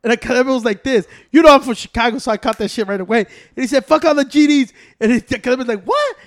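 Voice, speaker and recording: High-voiced fast-talking man. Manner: animated storytelling, acts out quotes loudly; swears a lot, laughs often. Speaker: podcast co-host. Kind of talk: casual chat.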